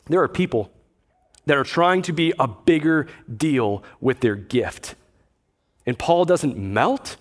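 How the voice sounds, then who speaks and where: A man's voice: mid-range voice, sing-song, measured pace. A man pastor preaching a conversational sermon, with dry asides and quotes he acts out.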